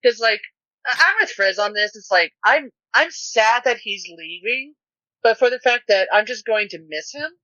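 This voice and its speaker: Lively podcast guest on a dull dry line. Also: medium pitch, moderate pace, no echo. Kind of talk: casual chat.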